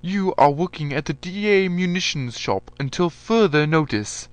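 A man reading a story aloud, voicing a stern military general who barks orders loudly in a raised, higher voice. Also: lively intonation, moderate pace, no room sound, soft background music, lightly acted. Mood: angry. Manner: barking orders.

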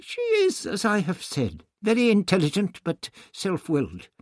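A man's voice: sits high, huge pitch swings, measured pace, no echo, clean studio sound, voice pushed up, full character voice. A man voicing a nervous, uneasy male priest. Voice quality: nervous, hesitant.

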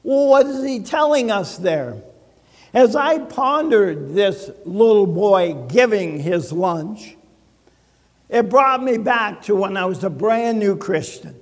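An older man pastor delivering a sermon, telling a personal story with humor and dramatic pauses. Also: sits high, animated, big-room sound.

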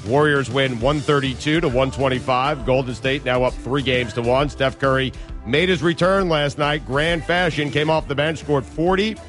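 A man reading a brisk sports news update as a radio co-host. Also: mid-range voice, a bit bright, faint music behind.

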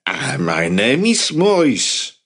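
A man reading an audiobook, voicing a kindly resistance commander in his fifties with a thick French accent and a slow, emphatic manner. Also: mid-range voice, wildly swooping pitch, a bit bright, voice pushed up, heavily acted. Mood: friendly greeting.

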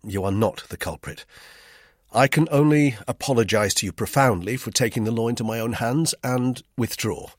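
A man narrating a first-person novel in a tense, lively way, recorded in a dry studio. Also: medium pitch, moderate pace, no echo. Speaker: audiobook narrator.

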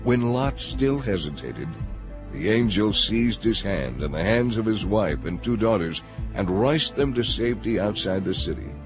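A man reading scripture aloud in a measured, steady narration. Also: fairly low pitch. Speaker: scripture reader. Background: faint music.

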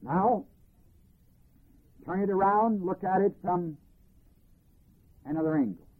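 A man teaching a Bible class, reading verses and explaining them deliberately, phrase by phrase. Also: high voice, breathy edge. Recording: tinny archival phone-band recording.

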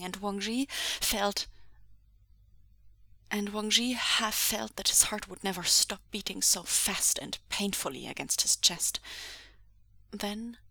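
A woman reading a fan story aloud in a breathy, half-whispered narration. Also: mid-range voice, bright, forceful tone, no echo. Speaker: podfic reader. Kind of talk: audiobook narration.

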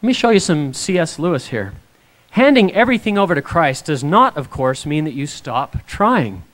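A man giving a devotional talk to an audience, telling a personal story in an animated way and acting out the quotes. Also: a little high, moderate pace. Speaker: speaker.

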